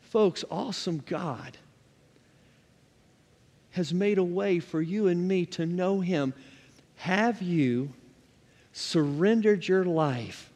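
A man's voice: high voice, slow pace, long pauses, darkish tone. Man preaching in a reverberant church. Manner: emphatic preaching with repeated refrains and scripture reading. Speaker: pastor. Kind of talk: sermon.

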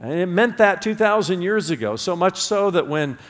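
A man's voice: high-pitched, animated, normal speed, big-room sound. A man preaching a sermon as pastor, emphatic, drawing his congregation into call-and-response. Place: church sanctuary.

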